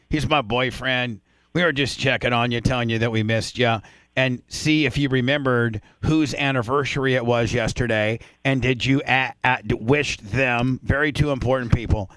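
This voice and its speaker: A male radio host trading crude jokes with his crew into a studio mic. His voice is mid-pitched and very dry, with no room sound around it. He stumbles and restarts often as he talks. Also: a bit bright, clean tone, dry recording. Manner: joking, profane, halting restarts. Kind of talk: casual crude radio banter. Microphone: studio microphone.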